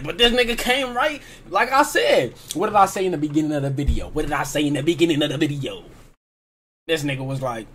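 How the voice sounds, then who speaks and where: Californian male reaction host, loose slangy chatter, slightly high-pitched, faint ambience behind. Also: a bit bright, a little hiss or hum. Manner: rambling, slangy, repeats "like" and "you know what I'm saying". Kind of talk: casual music reaction commentary.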